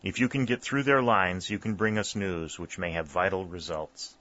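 A man voicing a flattering, persuasive Confederate general in soft tones, in a storybook reading. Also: low-pitched, normal speed, lo-fi sound.

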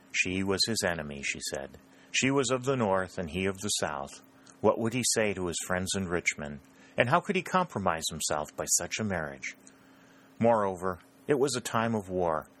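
A man narrating a novel as an audiobook, steady and measured. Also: low-pitched.

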